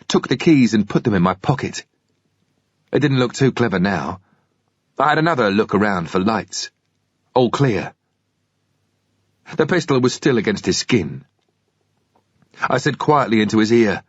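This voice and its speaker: A man narrating a thriller audiobook in the first person, in a steady, measured way. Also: mid-range voice, husky, no echo, highs cut off.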